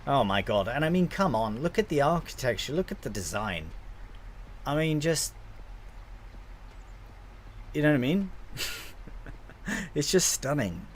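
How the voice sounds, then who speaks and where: A man's voice: medium pitch, big pitch swings, a little slow, pauses often, slight background noise. A young man casually commentating his gameplay on a live stream, chatting to viewers and swearing now and then.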